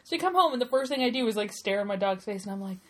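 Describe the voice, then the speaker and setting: A woman's voice: medium pitch, lively intonation, rapid-fire, fairly bright tone. A woman in her thirties co-hosting a casual chat and telling stories with a lot of laughter. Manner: chatty, giggly storyteller. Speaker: podcast co-host.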